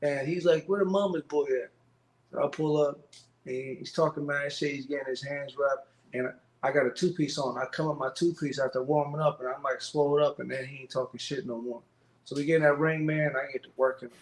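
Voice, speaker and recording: A man, a professional boxer, telling fight stories in a casual interview, animated and profane, acting out quotes. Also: medium pitch, fairly quick, reverberant.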